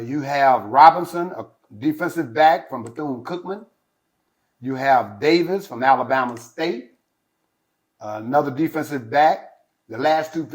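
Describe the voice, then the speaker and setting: A male host of a sports podcast, reading out player lists in a casual, talky way with lots of fillers and opinionated asides. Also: medium pitch.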